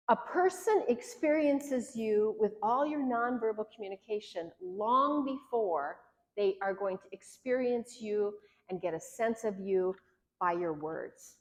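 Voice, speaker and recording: A woman, a marriage therapist, teaching a workshop in an earnest, conversational way, acting out the lines she quotes. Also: mid-range voice. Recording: long hall reverb.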